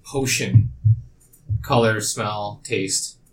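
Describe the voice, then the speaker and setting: A man playing a tabletop game, playful and animated. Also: fairly low pitch, extremely slow, gravelly, distant mic, slight background noise. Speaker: player.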